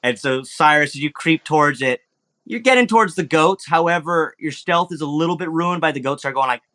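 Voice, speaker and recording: A man's voice: on the high side, fairly quick, pushed and bright. A young man running a tabletop game as dungeon master, narrating casually with many fillers and restarts. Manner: rambling, filler-heavy, laughing.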